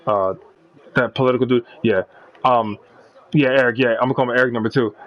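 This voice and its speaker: A man's voice: medium pitch, steady tone, fairly quick, lo-fi sound. A man streaming a video game, chatting casually in a rambling, profane way. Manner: rambling and profane, full of fillers. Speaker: gaming streamer. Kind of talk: casual chat while playing a video game.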